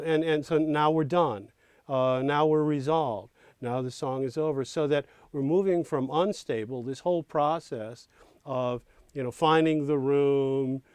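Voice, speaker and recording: A middle-aged man leads a songwriting clinic, explaining lyric structure with energy. He keeps dropping into recited rhymes and quoted lines. The sound is dry and close, with no room echo. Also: mid-range voice. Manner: animated teacher, recites rhymes and quotes in small acted voices. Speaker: songwriting professor. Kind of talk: teaching lyric writing in a recorded clinic.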